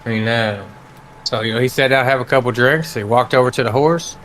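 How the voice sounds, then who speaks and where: A man's voice: medium pitch, brisk, a bit bright, a little hiss or hum. Rambling man telling a long joke. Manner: rambling storyteller, many fillers and restarts. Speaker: live-stream co-host. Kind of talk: casual joke-telling on a game stream.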